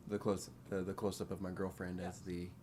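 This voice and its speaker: A man's voice: low voice, completely flat delivery, brisk, background noise. A man chatting on a film commentary track, often affirming his co-host and laughing easily. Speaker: filmmaker giving commentary. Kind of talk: film commentary, casual chat.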